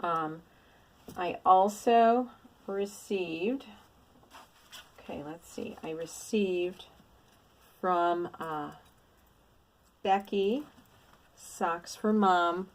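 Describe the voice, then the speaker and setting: Gushing, excitable woman crafter vlogger. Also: on the low side, extremely slow, pauses often. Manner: gushing, effusive, exclamatory. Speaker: cross-stitch vlogger. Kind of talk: casual show-and-tell haul.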